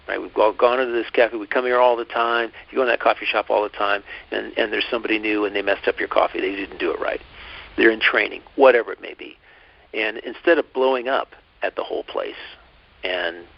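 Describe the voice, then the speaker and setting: Gravelly low-voiced man, calm storyteller. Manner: calm, reflective, lots of restarts and asides. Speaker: podcast co-host. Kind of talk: casual storytelling chat. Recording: dull lo-fi podcast audio.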